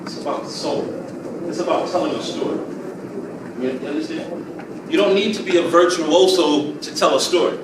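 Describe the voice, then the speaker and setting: Man teaching a master class, animated and high-pitched, heard from a distant mic in a booming hall. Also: normal speed. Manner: animated, playful, asks the room if they understand. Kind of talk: lively teaching talk to students. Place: lecture hall. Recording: distant mic in a very echoey hall with background noise.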